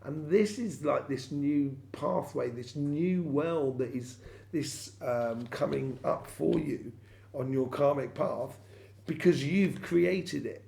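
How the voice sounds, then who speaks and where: A man's voice: on the high side, slow pace, gravelly, dark tone, slight background noise. A man giving a weekly tarot reading straight to his viewers, rambling with many fillers and restarts. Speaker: tarot reader.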